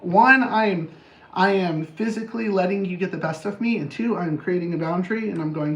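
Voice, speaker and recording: A man's voice: high voice, brisk, fairly bright tone, dull audio. A man coaching on anger in a casual, blunt monologue, swearing freely and joking at his own expense. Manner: blunt, profane, jokey, self-mocking. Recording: roomy echo, faint background noise.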